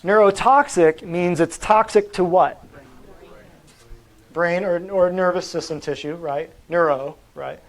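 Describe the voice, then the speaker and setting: A man with a slightly higher voice lectures a live audience on natural health. He is emphatic and blunt, often firing questions at the room to drive each point home. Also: a little slow, low-quality recording. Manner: blunt and combative. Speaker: natural health practitioner giving a talk.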